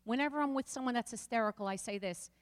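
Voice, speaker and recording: A woman's voice: fairly high pitch, fast talker, clean tone, long reverb tail. A woman pastor preaching a passionate sermon, speaking straight to her listeners with rising and falling emphasis.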